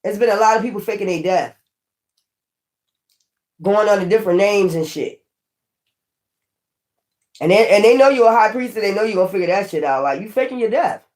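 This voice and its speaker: A woman's voice: medium pitch, lively intonation, fairly quick, long pauses, a little mellow. A woman giving a casual tarot reading, blunt and profane, who warns the viewer and repeats her points for emphasis. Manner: warning the viewer, repeating herself. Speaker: tarot reader.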